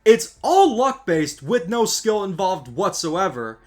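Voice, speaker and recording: High, animated ranting man. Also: slow. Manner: exasperated and sarcastic. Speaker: gaming video creator. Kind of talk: scripted ranting commentary.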